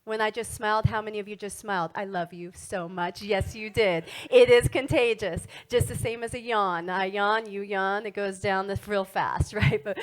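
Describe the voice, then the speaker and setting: A middle-aged woman giving a motivational wellness talk to an audience, animated and asking frequent tag questions. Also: medium pitch. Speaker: wellness speaker.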